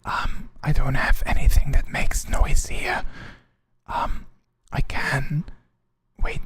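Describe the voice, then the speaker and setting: A man putting on a breathy mock ASMR whisper close to the microphone, a whispered role-play. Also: medium pitch, steady tone, slow, no room sound. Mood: teasing. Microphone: close desk microphone.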